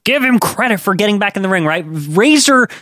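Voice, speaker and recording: Animated co-host ranting with lots of "like". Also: mid-range voice, a little fast, no room sound, clean studio sound. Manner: exasperated, rambling, heavy use of "like", swearing. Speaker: podcast co-host. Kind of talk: casual chat.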